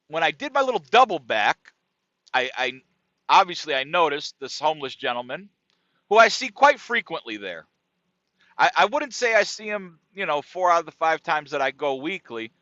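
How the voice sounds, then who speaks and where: Male podcast host, fairly high voice, crisp and forceful, casual profane storytelling, dry muffled mic. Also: no echo. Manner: animated, profane, keeps checking in with "right?" and "dude". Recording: dry, dull lo-fi sound.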